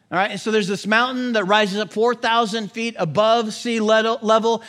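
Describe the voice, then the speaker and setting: A man preaching a sermon, animated, swinging between loud emphasis and hushed drops. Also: high-pitched. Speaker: pastor.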